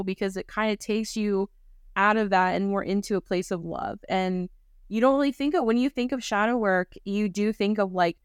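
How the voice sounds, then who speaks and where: A woman's voice: medium pitch, clean tone, no echo, clean studio sound. A woman hosting a podcast, telling candid personal stories and acting out the voices of the people in them. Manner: candid, storytelling, acts out quoted voices. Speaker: podcast host. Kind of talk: casual podcast chat.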